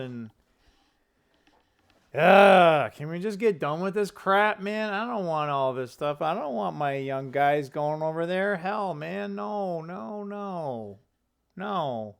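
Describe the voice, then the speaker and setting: A man hosting a casual political commentary vlog, rambling and opinionated, with quick asides and self-corrections. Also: on the high side, creaky, clean tone. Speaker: political commentary channel host.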